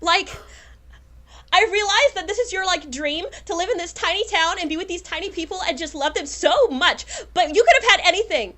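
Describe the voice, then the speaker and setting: A woman's voice: sits high, expressive, moderate pace, a bit bright, pitched above the performer's own voice. A woman voicing a spoiled, scheming young wife who talks in a whiny, petulant way and swears a lot. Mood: defiant.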